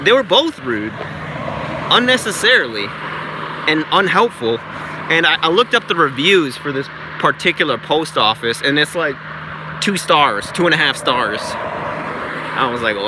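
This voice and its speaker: A man telling a story in a casual vlog, chatty and exasperated, swearing freely, recorded outside near traffic. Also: medium pitch. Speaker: vlogger.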